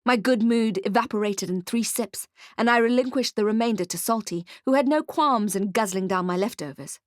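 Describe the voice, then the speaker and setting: A woman's voice: on the high side, moderate pace, no room sound, clean studio sound. A woman narrating a first-person urban fantasy audiobook in a wry, hardboiled detective manner.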